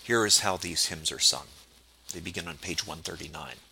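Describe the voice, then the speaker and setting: A man's voice: deep voice, moderate pace, vocal fry, sharp tone, slight background noise, poor audio. A man giving a precise, explanatory tutorial on church chant, quoting liturgical texts as he walks through the service.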